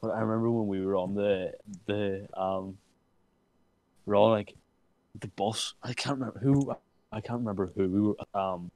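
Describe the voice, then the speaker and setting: A young man, chatting casually with friends and telling school stories, full of "like" fillers and bursts of high laughter. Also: moderate pace, dry recording, rough recording. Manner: animated storytelling, many "like" fillers, breaks into high laughter. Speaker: friend reminiscing. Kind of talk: casual chat.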